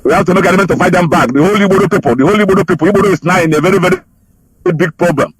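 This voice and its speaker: A man's voice: sits high, rapid-fire, husky, dry recording, rough recording. A man calling in to a radio show, speaking with urgent, fervent repetition. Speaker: caller. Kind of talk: phoned-in radio appeal.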